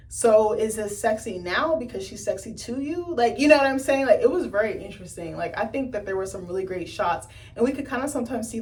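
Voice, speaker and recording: Animated woman ranting through a film review. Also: mid-range voice, recorded from a distance. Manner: animated, swearing, laughing, acting out scenes. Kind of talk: casual spoken film review.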